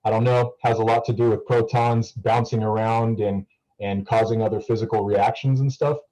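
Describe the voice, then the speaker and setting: Low, mellow rambling young man. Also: little pitch movement, normal speed, low-quality recording. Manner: rambling, with many fillers and restarts. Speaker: student guest speaker. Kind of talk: casual talk to a class. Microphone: video call.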